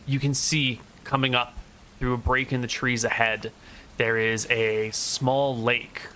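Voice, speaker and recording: A man narrating scenes and rules as game master, relaxed and descriptive with frequent fillers. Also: medium pitch, slow pace, slight background noise.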